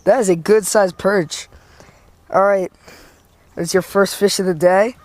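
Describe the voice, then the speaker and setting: A man's voice: sits high, fairly even intonation, unhurried, no echo. Upbeat man narrating from a fishing boat. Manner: upbeat, coaching a companion as fish come in. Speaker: fishing channel host. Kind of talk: casual fishing vlog commentary. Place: outdoors on a lake in a small paddled boat. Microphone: action camera mounted on or near him.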